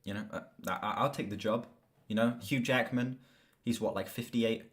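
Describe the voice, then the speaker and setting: A young streamer who reviews movies talks casually and ramblingly on his live stream in a mid-pitched voice at a moderate pace. He gets excitable and swears freely while discussing films.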